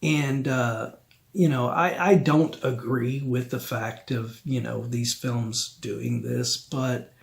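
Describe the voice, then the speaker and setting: Slow, gravelly man reviewing films. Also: medium pitch, steady tone. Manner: slow, rambling, with many ums. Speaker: film review host. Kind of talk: casual film review.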